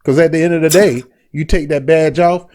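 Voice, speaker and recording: A man's voice: fairly high pitch, fairly even intonation, brisk, a little mellow, slight background noise. Indignant man ranting on his vlog. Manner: blunt and indignant, talks in street slang. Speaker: commentary vlog host. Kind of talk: heated commentary.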